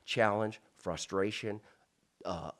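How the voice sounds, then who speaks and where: Speaking slowly in a lowish voice, a man from South Florida recounts a personal story as an interview guest. His telling is animated, with lots of restarts and side remarks.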